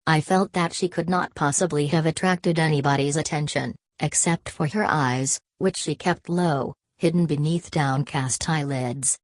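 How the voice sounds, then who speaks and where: A woman reading a first-person story aloud in an even, measured way. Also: low voice, dry recording. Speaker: audiobook reader. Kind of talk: first-person audiobook narration.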